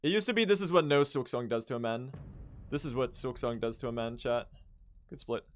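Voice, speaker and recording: A man's voice: mid-range voice, brisk, faint music behind. A young man speedrunning on a live stream, casually commentating, swearing and addressing his chat.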